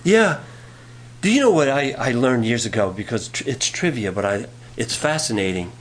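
A man's voice: medium pitch, expressive, normal speed. A male pastor preaching a sermon in a folksy way, telling jokes and reading scripture aloud.

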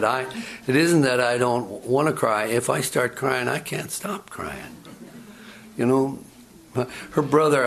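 An older man preaching a sermon, talking in a conversational, storytelling way that often stops and repeats words. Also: mid-range voice. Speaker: pastor.

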